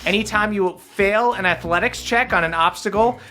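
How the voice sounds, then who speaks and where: A man's voice: high-pitched, normal speed, sharp tone. A man narrating and explaining the rules as game master of a tabletop game, with fillers.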